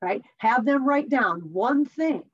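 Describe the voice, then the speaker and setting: A woman's voice: fairly high pitch, animated, takes it slowly, slightly rough. A woman giving a conversational coaching tip as a mindset coach, telling stories and asking rhetorical questions. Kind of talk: talking-head coaching tip. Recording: dull lo-fi recording.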